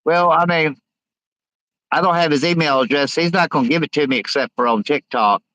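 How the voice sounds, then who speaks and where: A man's voice: a little high, fairly quick, bright, forceful tone, dry recording, poor audio. Rambling, blunt man on a live stream. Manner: rambling and blunt, jokes with viewers. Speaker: livestream host reading chat. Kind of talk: casual live stream chat.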